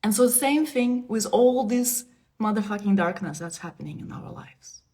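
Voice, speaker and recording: A woman in her thirties giving a casual spiritual talk on a live stream. She is playful, laughs often and moves between soft asides and emphatic bursts. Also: medium pitch, lively intonation, moderate pace. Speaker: spiritual teacher. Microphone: phone or webcam on a live stream.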